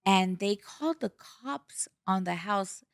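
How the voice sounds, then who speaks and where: A woman's voice: medium pitch, takes it slowly, no echo, clean studio sound. A middle-aged woman hosting a podcast, telling stories bluntly and swearing freely in casual chat. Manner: blunt, animated storytelling with swearing. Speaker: podcast host.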